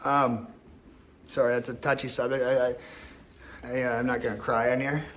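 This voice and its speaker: A man's voice: medium pitch, level tone, moderate pace, a bit bright, slight background noise. A man talking alone to camera in a rambling, emotional rant, swearing often and repeating himself. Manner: rambling, profane, emotional and repetitive. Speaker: vlogger. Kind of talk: ranting monologue to camera.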